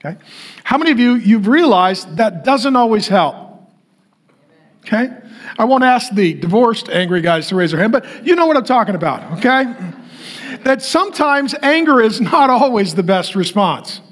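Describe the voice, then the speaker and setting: Pastor, middle-aged man, high voice, blunt and chatty sermon to a room of men. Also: animated, moderate pace. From North Dakota, US. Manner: direct, conversational, asks the crowd to raise hands.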